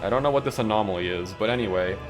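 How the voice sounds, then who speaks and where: While gaming on stream, a man rattles off rambling stories about school in a rapid-fire, lowish voice, with faint music behind him. He laughs frequently and says "like" all the time.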